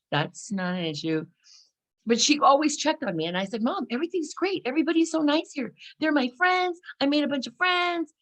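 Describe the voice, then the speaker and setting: A middle-aged woman from California, a self-help speaker telling a personal story in a casual, animated way and acting out the people she quotes. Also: mid-range voice. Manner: animated, acts out quotes, frequent laughs.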